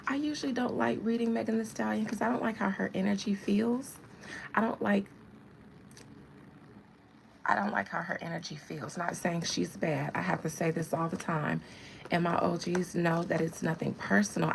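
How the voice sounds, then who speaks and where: A woman's voice: on the low side, fairly even intonation, normal speed, gravelly, slight background noise, rough recording. A woman in her thirties reading tarot on a casual livestream, chatting with viewers and laughing often. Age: 30s. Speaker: tarot reader.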